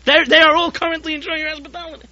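A man voicing a calm, wise older male rebbe who answers with a gentle rebuke, on a dull lo-fi tape recording. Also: very high voice, rapid-fire, pitched above the performer's own voice, full character voice. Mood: gently rebuking.

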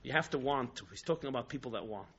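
A man teaching a religious class with lively, emphatic storytelling and rhetorical repetition. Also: medium pitch, rapid-fire, husky. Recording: dull lo-fi recording.

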